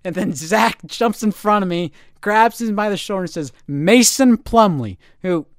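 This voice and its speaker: This sports podcast co-host sits high in pitch and keeps a moderate pace, heard through clean studio sound without any room echo. He's an animated storyteller in a casual show, performing the quotes as he goes.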